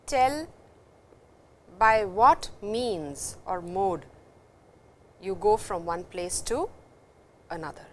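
A woman giving a recorded university language lecture, speaking slowly and patiently, repeating words and stressing how they sound. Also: mid-range voice, expressive, a little hiss or hum. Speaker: language teacher.

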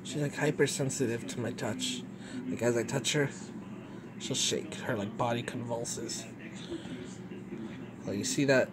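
A vlogger talking casually, softly reassuring a pet in hushed tones that slip into whispers. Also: medium pitch, a little slow, pauses often, very noisy. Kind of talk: casual vlog, soothing a pet.

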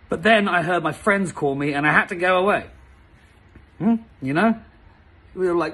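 Host, male, comedic read-aloud with wry asides; bright, a bit husky tone. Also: on the high side, animated, normal speed. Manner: wry, self-interrupting, stumbles and restarts. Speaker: channel host reading fan fiction aloud. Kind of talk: comedic dramatic reading with asides.

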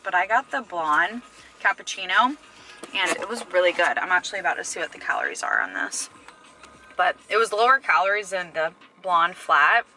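A woman's voice: lowish voice, sharp tone, low-quality recording. A young woman talking casually to camera in a vlog, chatty and rambling with lots of filler words. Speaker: vlogger.

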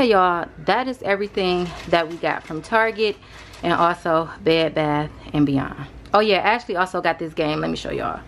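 A young woman vlogger talks casually through a shopping haul, calling her viewers y'all, rushed and a bit out of breath. Her voice is fairly low in pitch, with a little hiss or hum on the recording.

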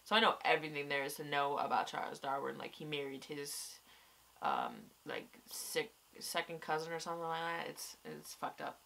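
A young woman in casual chat, reviewing a TV episode, rambling and excitable, swearing a lot, tired and stuffy-nosed from crying. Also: deep voice, moderate pace, gravelly.

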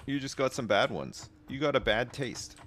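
A man's voice: mid-range voice, animated, moderate pace, fairly bright tone, a little hiss or hum. A British man casually chatting and swearing while livestreaming a game, bantering sarcastically with his chat. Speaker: streamer. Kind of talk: casual live game commentary.

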